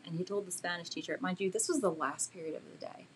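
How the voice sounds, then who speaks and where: A woman teaching a live painting demo and answering viewers' questions, chatty and self-deprecating, with many fillers, talking gently while she works. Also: on the low side, fast, a little hiss or hum. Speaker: art instructor.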